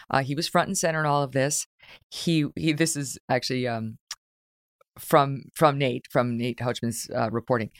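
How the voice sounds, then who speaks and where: A woman hosting an interview show in casual chat, blunt and quick to laugh and swear. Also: extremely low pitch, no room sound, studio quality. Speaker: talk show host.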